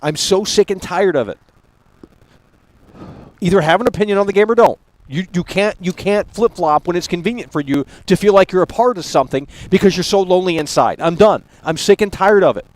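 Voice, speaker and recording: Profane, ranting man with a high voice. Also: animated, a little fast, no echo. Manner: scornful, mocking laughter. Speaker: live stream talk show host. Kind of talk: unscripted live stream rant.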